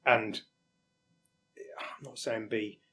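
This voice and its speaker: A man from England, a firefighter, speaking candidly and haltingly in an interview, sometimes acting out quoted exchanges. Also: fairly low pitch, fairly even intonation, sharp tone. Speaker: firefighter guest. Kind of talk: reflective interview talk.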